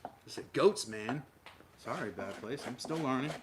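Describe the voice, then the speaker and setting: A man from Minnesota hosts a relaxed livestream in a mid-range voice, talking loosely and circling back on himself as he answers his viewers. Loud background noise and clicking run under his voice throughout. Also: medium pitch, moderate pace. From Minnesota, USA. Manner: rambling, answers chat aloud, many fillers and restarts. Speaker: livestream host. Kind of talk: casual livestream chat with viewers.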